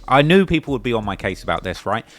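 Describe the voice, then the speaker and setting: English guy on his channel going through comments, lively and emphatic, voice jumps up high when he gets worked up. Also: fast talker. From England. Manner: animated and emphatic, mimics accents when making a point. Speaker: YouTube commentator. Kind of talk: reading and answering viewer comments.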